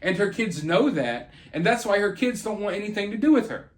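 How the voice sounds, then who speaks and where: A man's voice: high-pitched, expressive, fairly quick. A man hosting his own channel, delivering celebrity gossip commentary in an indignant, sarcastic rant. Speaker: channel host.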